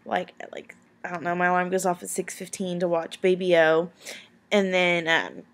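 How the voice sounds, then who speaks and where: A woman's voice: lowish voice, normal speed. Young woman, home vlog, late-night tired chatter, rambling with fillers. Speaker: vlogger answering viewer questions. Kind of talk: casual chat to camera.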